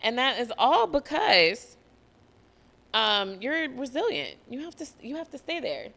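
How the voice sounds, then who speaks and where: A young adult woman, hosting a motivational solo podcast in an energetic, profane way. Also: high voice, a little slow, creaky. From US (Georgia). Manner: energetic, profane, acts out quoted voices. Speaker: podcast host.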